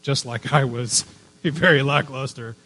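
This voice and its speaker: A man's voice: medium pitch, fairly even intonation, moderate pace, pushed and bright, slightly rough. A man preaching a sermon as a pastor, telling personal stories with casual asides and building to fervent emphasis on his main points. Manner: conversational, digressive storytelling with personal asides.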